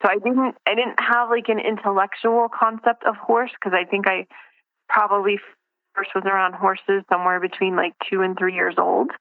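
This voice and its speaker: A woman's voice: medium pitch, level tone, moderate pace, no room sound. A woman speaks in a reflective, searching way, often restarting her sentences. Her voice comes through a thin, phone-like line. The sound is dry and close. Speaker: guest. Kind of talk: casual interview over the phone.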